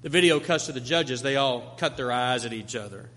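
A man's voice: medium pitch, a little fast, hardly any pauses, a bit bright. A male pastor delivering a sermon, preaching with emphatic repetition to a congregation. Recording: long hall reverb.

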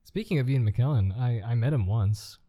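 Man, casual chat, warm dark tone, hesitant, many fillers. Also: medium pitch, moderate pace. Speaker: podcast co-host.

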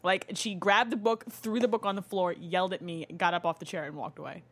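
A woman's voice: on the low side, brisk. A woman in her thirties co-hosting a podcast from her home basement, chatting casually and laughing, putting on silly voices for her kids. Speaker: podcast co-host. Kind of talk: casual chat.

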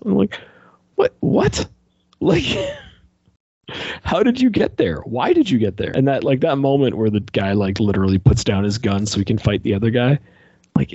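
A man's voice: mid-range voice, warm tone, slightly rough, no room sound, highs cut off. A man in casual podcast chat, animatedly ranting and exasperated, filling his talk with "like". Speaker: podcast co-host reviewing a movie.

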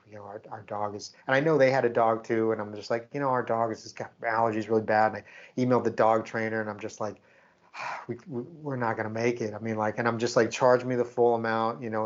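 A fairly low-pitched man co-hosts a podcast, chatting casually as he tells a story and animatedly plays out the back-and-forth of quoted exchanges. The highs are missing from the recording.

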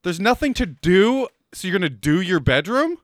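A man co-hosting a podcast, joking crudely and laughing loudly, mocking his friends. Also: sits high, very animated, moderate pace, no room sound, studio quality. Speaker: podcast co-host. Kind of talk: crude casual banter.

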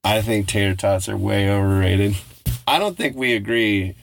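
A man's voice: fairly low pitch, normal speed, gravelly. A middle-aged man co-hosting a podcast in casual chat, blunt and profane, laughing often. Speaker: podcast co-host.

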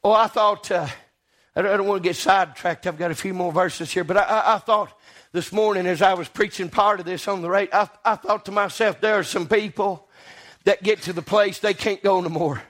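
A man preaching a sermon with fervent swings from low murmurs to shouted peaks, repeating phrases and punctuating with amen. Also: steady tone, brisk.

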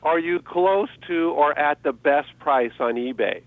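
A man's voice: on the high side, measured pace, no room sound. A man giving selling tips as a guest on a radio show, upbeat and laughing often. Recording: dry, tinny phone line.

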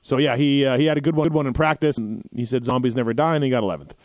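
A man's voice: medium pitch, very fast, dry recording. A man hosting a casual racing podcast, rambling and correcting himself as he reads off results. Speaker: podcast host running through race results. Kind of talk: casual chat.

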